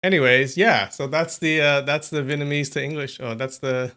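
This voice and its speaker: A man's voice: a little high, fairly even intonation, moderate pace, sharp tone. A man hosting a live stream, chatting casually with his viewers and often laughing. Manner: chatty, amused, talks to chat.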